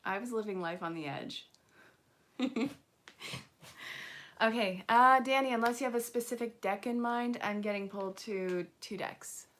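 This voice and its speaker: A woman's voice: a little high, measured pace, long pauses, a bit bright. Playful woman giving a card reading. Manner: playful, joking asides and frequent laughs. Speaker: angel card reader. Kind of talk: live card reading, casual chat.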